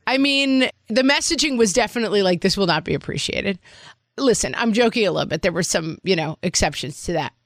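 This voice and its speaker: A woman's voice: medium pitch, lively intonation, fast, hardly any pauses, dry recording, studio quality. A middle-aged woman co-hosting a parenting podcast, talking frankly with joking asides. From Irish Catholic family background. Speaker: podcast co-host. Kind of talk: casual podcast chat.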